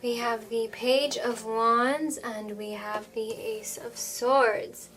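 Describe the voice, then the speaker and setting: A woman reads tarot for her viewers in a gentle, reassuring way. Her voice sits a little high, and she pauses often and fills gaps with soft hesitations. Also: steady tone. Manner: gentle, reassuring, with frequent fillers. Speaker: tarot reader. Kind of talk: tarot reading monologue.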